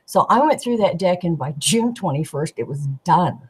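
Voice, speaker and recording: A woman, a tarot deck artist, chatting as a guest and telling animated stories, acting out the people she quotes. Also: fairly low pitch, normal speed, husky, rough recording. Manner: animated storyteller, giggly, acts out quoted voices. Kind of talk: casual storytelling chat.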